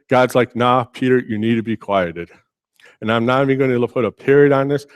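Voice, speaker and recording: A man preaching a sermon as pastor, telling Bible stories in a lively, casual way and acting out the characters' lines. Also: mid-range voice, no echo, clean studio sound. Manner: animated storytelling, acting out biblical figures in casual speech. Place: church.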